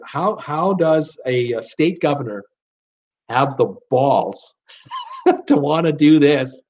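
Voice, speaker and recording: A casual, chatty live-stream host laughs easily while reading viewer names and comments, stumbling over some. He has a fairly high voice, and the audio lacks its upper frequencies.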